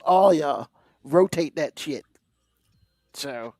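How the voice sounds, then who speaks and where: A man's voice: fairly high pitch, expressive, drawn-out words, darkish tone, no echo, clean studio sound. A man co-hosting a casual sports podcast, ranting animatedly and swearing freely. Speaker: podcast co-host.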